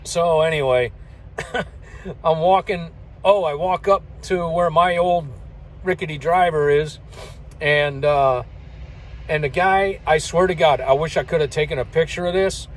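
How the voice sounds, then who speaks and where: A man's voice: a little high, a little slow, poor audio. Folksy older man spinning yarns. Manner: folksy, rambling, chuckles between remarks. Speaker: truck driver telling stories. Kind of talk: casual spoken storytelling.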